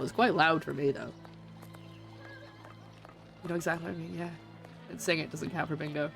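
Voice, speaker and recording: A woman's voice: sits low, steady tone, brisk, gravelly, pauses often, soft background music. A woman chatting casually and giggling as she plays a game on stream. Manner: chatty, giggly, self-mocking. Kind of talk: casual gameplay chat.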